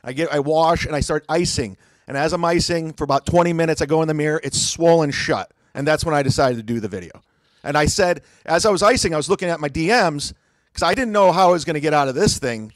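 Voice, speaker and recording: A man's voice: a little high, fast talker, no room sound. Defensive man telling a rambling story. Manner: defensive, rambling anecdote with acted-out quotes. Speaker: comedian guest. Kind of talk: casual podcast storytelling.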